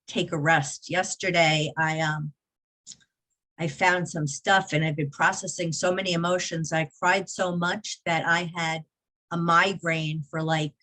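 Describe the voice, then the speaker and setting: Tired woman with a low voice. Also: sharp tone. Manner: weary, low-key, speaks slowly. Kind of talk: casual group video chat. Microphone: computer mic on a video call.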